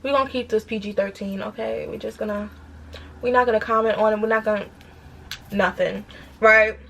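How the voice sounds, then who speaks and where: A woman in her twenties with a New York accent, telling a storytime vlog in an animated, emphatic way with rhetorical questions. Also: medium pitch, brisk, creaky, slight background noise. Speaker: vlogger.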